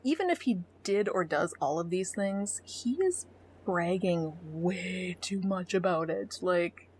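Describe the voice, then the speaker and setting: A middle-aged woman co-hosting a podcast, blunt and sarcastic, swearing freely as she reads a dating profile aloud. Her voice sits a little low for a woman. A faint hiss runs under the recording. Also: lively intonation, slow pace, darkish tone. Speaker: podcast co-host. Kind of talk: casual chat, reading a dating profile aloud.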